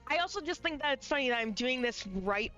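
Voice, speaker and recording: A woman's voice: sits high, animated, fairly quick, pushed and bright, highs cut off. A woman streaming a video game live, chatting casually and jokingly as she plays, rambling and now and then swearing. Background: faint game music.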